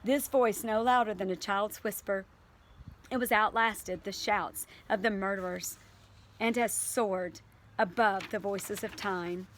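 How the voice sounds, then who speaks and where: A woman's voice: medium pitch, steady tone, unhurried, a bit bright. A woman teacher reading aloud to her class and then talking it over earnestly, with fillers and restarts.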